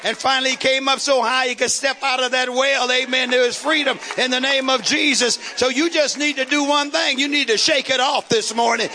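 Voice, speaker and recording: A man's voice: extremely high pitch, steady tone, fairly quick, hardly any pauses, bright, forceful tone, a little hiss or hum. A man preaching a sermon, calling out to the congregation and building up rhythmic repeated lines. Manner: call-and-response preaching, rhythmic repetition. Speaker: pastor.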